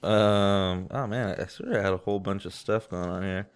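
A man's voice: sits low, steady tone, normal speed, clear, resonant tone. Rambling, hesitant young man. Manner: rambling, hesitant, laughs often. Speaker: podcast co-host. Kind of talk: casual crude banter.

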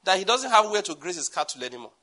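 A man's voice: sits high, big pitch swings, fast, bright, forceful tone. A male pastor with a Nigerian accent, preaching a sermon with joking asides and his own laughter.

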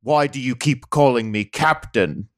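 A man's voice: mid-range voice, a little slow, natural voice. A man playing a whining, confused young man stuck in someone else's body.

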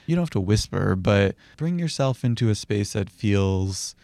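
Calm low-voiced man explaining gently. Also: moderate pace, vocal fry, no room sound. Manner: calm, explanatory, acts out gentle example phrases. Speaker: psychiatry educator. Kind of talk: conversational teaching.

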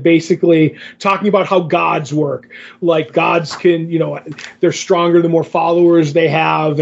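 A man with a slightly high, gravelly voice casually retells a comic book story on a podcast. He rambles, linking paraphrased lines with "he's like". The audio is a bit muffled and lo-fi. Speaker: podcast co-host.

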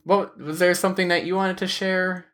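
A woman's voice: lowish voice, little pitch movement, moderate pace, fairly bright tone. A woman hosting a casual podcast chat, telling work stories as a postal carrier, acting out coworkers' voices and laughing often. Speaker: podcast host.

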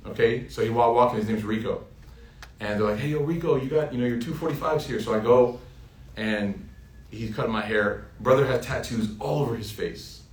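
A man giving a casual religious lesson, telling stories in a lively, anecdotal way and often laughing as he talks. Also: lowish voice. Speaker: Islamic teacher. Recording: roomy echo, speaker off-mic.

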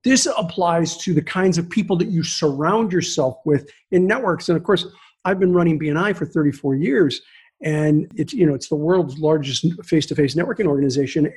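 A middle-aged man as a guest author in a podcast interview, telling stories in an animated way with quick restarts. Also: high-pitched, husky.

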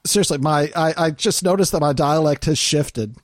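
A man's voice: on the high side, normal speed, dry recording, studio quality. A man from Arkansas co-hosting a podcast, talking casually with lots of fillers and restarts. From Arkansas, United States. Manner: hesitant, many fillers and restarts. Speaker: podcast co-host. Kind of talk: casual chat.

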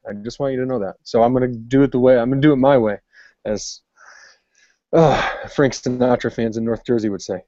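Man, mid pitch, joking rambling co-host, dry room, dull audio. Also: mellow, dry recording. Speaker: podcast co-host.

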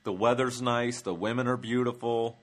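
A man's voice: mid-range voice, fairly even intonation, normal speed. Rambling, profane male comedian host. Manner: rambling, profane, many fillers. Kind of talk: comic travel monologue.

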